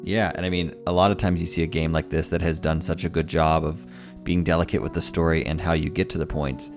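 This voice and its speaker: A man's voice: a bass voice, little pitch movement, fast, over music. A man in a casual podcast conversation, talking hesitantly and searching for words. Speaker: podcast co-host.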